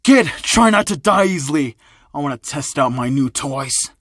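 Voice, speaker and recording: A man's voice: a little high, animated, normal speed, fairly bright tone, no room sound, clean studio sound. A man doing a scornful gang boss. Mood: menacing. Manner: barking orders, scornful. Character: arrogant, menacing male gang boss.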